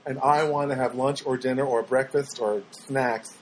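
A man's voice: mid-range voice, fairly even intonation, moderate pace, a little hiss or hum, voice pushed down, close to an everyday voice, low-quality recording. Gushing, swooning woman, as a man mocks her, syrupy and overdone. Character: young woman gushing over a suitor.

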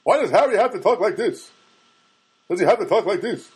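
A man voicing a bewildered, grumbling man about to turn sixty-five, in a high strained complaining voice. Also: lively intonation, brisk, a little mellow, breathy edge, full character voice. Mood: baffled griping.

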